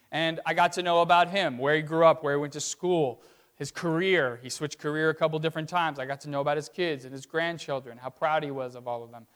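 Man preaching a sermon, slightly high voice. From Virginia. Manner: conversational storytelling with tag questions. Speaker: pastor.

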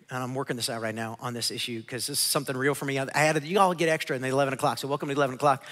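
A man preaching a sermon to his congregation as pastor, animated and acting out biblical figures in quick asides. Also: medium pitch. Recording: long hall reverb.

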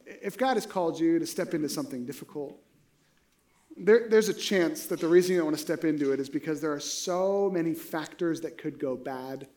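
High-voiced conversational man preaching. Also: brisk, darkish tone. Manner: conversational, rhetorical "right?" asides. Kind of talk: sermon.

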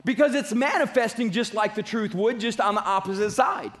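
A man's voice: high-pitched, fairly quick, a bit bright. A man preaching a sermon as pastor, emphatic and repeating his key phrases.

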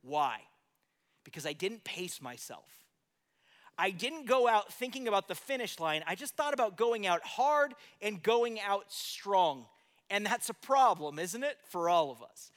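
A man with a strikingly high voice preaches a sermon. He retells the story in a relaxed, conversational way and keeps asking his listeners rhetorical questions. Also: in a large hall. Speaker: pastor.

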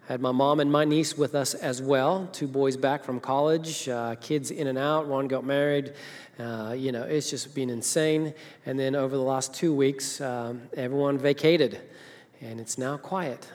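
A man's voice: mid-range voice, steady tone, a little slow, darkish tone. A middle-aged man from Zimbabwe, a senior minister preaching a sermon in a chatty, storytelling way with filler hesitations. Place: large church hall. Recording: long reverb of a large church hall.

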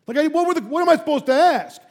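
A man preaching a sermon in an animated storytelling way, full of asides to the congregation. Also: very high voice, fast. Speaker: pastor.

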